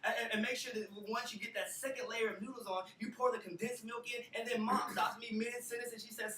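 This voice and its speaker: A man's voice: very high-pitched, flat delivery, fast, few pauses, pushed and bright, slight background noise. A young man from Alabama with a Southern accent, giving a motivational talk to university students with a preacher-like cadence and emphatic repetitions. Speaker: motivational speaker. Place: university auditorium. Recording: roomy hall, picked up from a distance.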